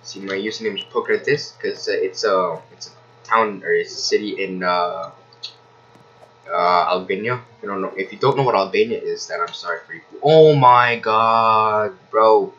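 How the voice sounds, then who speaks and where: A young man casually commenting on his gameplay, excitable and yelping with surprise. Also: sits low, moderate pace, muffled recording. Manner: excitable, shouts and yelps of surprise. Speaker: gaming streamer.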